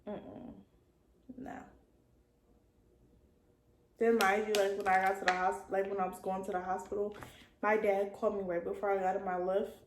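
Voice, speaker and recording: A young woman in her early twenties telling a casual storytime vlog, in slangy talk full of "like" that sometimes trails off soft. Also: medium pitch, little pitch movement, normal speed, long pauses. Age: young adult. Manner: casual slangy talk with many likes, drifting soft at times. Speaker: vlogger. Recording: echoey room with faint ambient noise.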